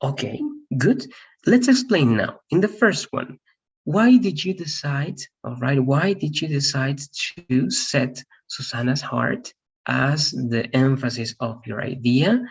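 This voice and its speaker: A man's voice: mid-range voice, lively intonation, slow pace, creaky, husky, muffled recording. A man teaching an English grammar class online, patiently explaining and checking understanding with his students. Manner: patient, repeats "all right?" to check understanding.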